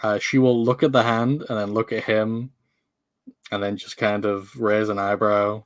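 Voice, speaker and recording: A tired man speaking in a flat monotone over a video call. His voice is low-pitched and dry, with no room sound, and there is no lift in his delivery at all. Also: a little slow, no echo. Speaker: player. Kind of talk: casual play at the table.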